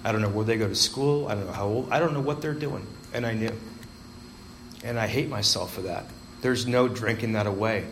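A man's voice: on the low side, fairly quick, a little hiss or hum, rough recording. A man speaking to a live meeting, telling his own recovery story with wry, self-mocking, darkly joking storytelling. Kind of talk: personal recovery story told to a live audience. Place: meeting hall with an audience.

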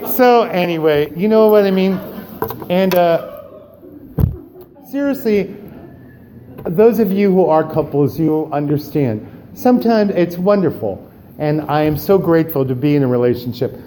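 A man sharing his own story at a recovery meeting, animated and acting out dialogue, then growing quiet and subdued on serious parts. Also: a little high, a little slow, pauses often, a crowd in the background. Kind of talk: personal recovery share.

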